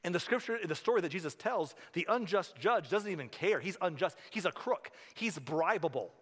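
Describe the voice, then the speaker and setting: A male pastor preaching a sermon in a church, conversational and animated, telling stories with asides. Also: sits high, moderate pace. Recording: reverberant hall.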